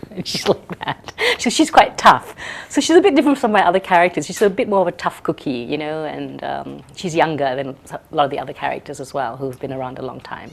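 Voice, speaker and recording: Chatty woman with a lowish voice. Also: fairly quick, gravelly, hardly any pauses, soft background music. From Malaysia. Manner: chatty, laughs often. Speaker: performer interviewed. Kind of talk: casual interview chat.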